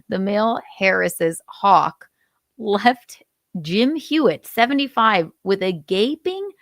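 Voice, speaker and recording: A young adult woman hosts a casual live stream, reading news aloud while laughing often and swearing a bit; she's giggly and chatty. Her voice is mid-range, and the recording is dry and studio quality.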